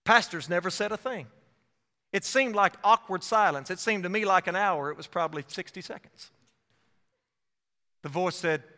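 A man preaching an evangelist's sermon with dynamic swings in loudness, often quoting himself as he tells a story. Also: sits high, moderate pace. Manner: dynamic preaching with sharp swings in loudness and frequent self-quotation. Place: church sanctuary. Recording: long reverb of a church hall.

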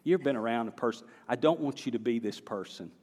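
A man's voice: mid-range voice, quick pace, a little mellow. A man with a Southern American accent, preaching a sermon from the pulpit in a folksy, conversational way that rises into emphatic bursts. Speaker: pastor. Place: church sanctuary. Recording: reverberant church hall with faint guitar.

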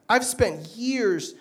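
A man preaching, telling a self-mocking story with animated delivery and frequent laughs. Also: high-pitched. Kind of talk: sermon with personal story.

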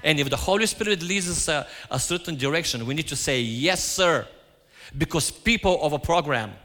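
A man's voice: on the high side, fast, pushed and bright. Man preaching in a reverberant church. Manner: storytelling, acts out his own quoted lines. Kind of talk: sermon. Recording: hall reverb.

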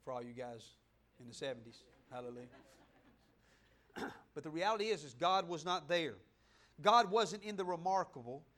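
Fervent preacher with a fairly high voice. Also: male voice, expressive, normal speed, long pauses. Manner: swings from loud, fervent preaching to soft, hushed asides; conversational, addresses the congregation directly. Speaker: pastor. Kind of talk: sermon. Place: church sanctuary, in front of a congregation.

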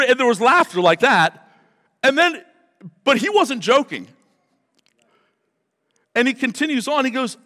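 A man's voice: extremely high pitch, sing-song, unhurried, pauses often, pushed and bright, long reverb tail. A pastor preaching a sermon to his church, talking conversationally and then building to impassioned emphasis. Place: church service.

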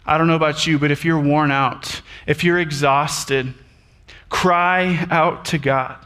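A man preaching a sermon to his congregation, animated and addressing them directly. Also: fairly high pitch, measured pace, clean tone. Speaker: pastor.

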